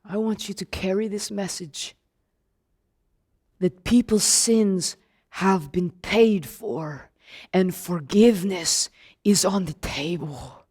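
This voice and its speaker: A woman putting on a gentle, solemn Jesus. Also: medium pitch, breathy edge, pitched below the performer's own voice. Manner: slow, soft, solemn. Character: the risen Jesus, a gentle, calm man.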